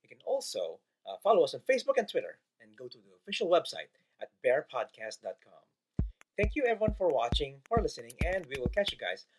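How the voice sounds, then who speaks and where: A man hosting a podcast in casual chat, lively and often restarting his sentences. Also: a little high, quick pace, slightly rough, rough recording. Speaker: podcast host.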